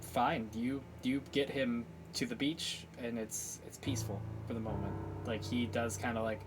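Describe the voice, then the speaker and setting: A man narrating a tabletop game as game master, halting, with many fillers. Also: mid-range voice, little pitch movement, low-quality recording. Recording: clear music bed behind voice.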